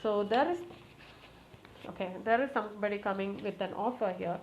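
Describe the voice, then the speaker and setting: A woman giving a casual tarot reading to camera, talking to the cards, repeating requests and exclaiming with excitement. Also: medium pitch, normal speed. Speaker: tarot reader. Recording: slightly muffled, faint background noise.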